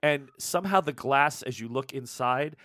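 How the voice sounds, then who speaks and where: A man's voice: mid-range voice, moderate pace, fairly bright tone, dry recording, studio quality. A man narrating as game master of a tabletop game, casual and laughing, with many fillers.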